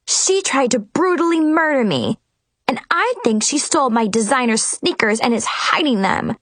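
Woman playing a spiteful teen girl, shrill and screechy, high and swooping. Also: sing-song, normal speed, a bit bright, no room sound, exaggerated voice. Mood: accusing. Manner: screeching, accusing, tearful.

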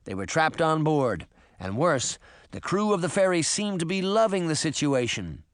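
A man narrating an audiobook in an expressive storytelling manner. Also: fairly high pitch, normal speed, dry recording, studio quality. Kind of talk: scripted narration.

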